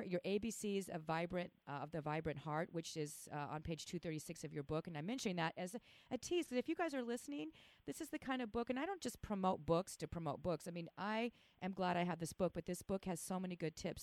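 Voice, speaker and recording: A woman's voice: on the low side, dry recording. Chatty woman talk-radio host, dry studio. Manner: chatty, enthusiastic, self-teasing.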